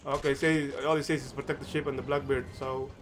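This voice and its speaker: A man giving casual gameplay commentary, excited and often stumbling and repeating words. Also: medium pitch, fast talker, noisy background. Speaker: gamer.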